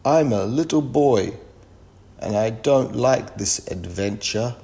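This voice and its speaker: A man's voice: mid-range voice, lively intonation, slow, mellow. A man voicing a frightened little boy in a storybook reading. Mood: upset. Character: small boy, frightened then kind.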